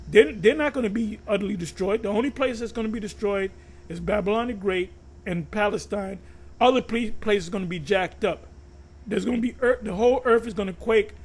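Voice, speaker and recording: A man preaching in a combative, profane rant, stumbling over and repeating his words. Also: high-pitched. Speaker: religious teacher.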